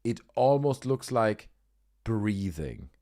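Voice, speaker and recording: A man's voice: fairly low pitch, very animated, slow, dark tone. A man hosting a livestream, giving casual, sarcastic commentary and swearing freely. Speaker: livestream host.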